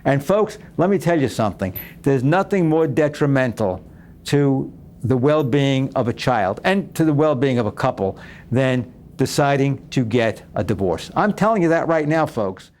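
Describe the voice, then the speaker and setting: A man's voice: mid-range voice, lively intonation, normal speed, darkish tone, a little hiss or hum. A man hosting a talk show, speaking to viewers in an earnest, exhorting way and repeating phrases for emphasis. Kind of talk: preaching talk show host.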